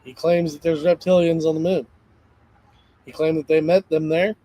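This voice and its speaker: Male livestream host, slightly high voice, energetic and rambling, dry close sound. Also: moderate pace, no echo, rough recording. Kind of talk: casual livestream chat.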